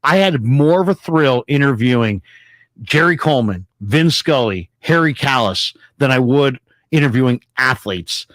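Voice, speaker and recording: A man's voice: mid-range voice, expressive, normal speed, fairly bright tone, dry recording. A man hosting sports talk radio, telling stories with enthusiasm and repeating names to drive his point home. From San Francisco.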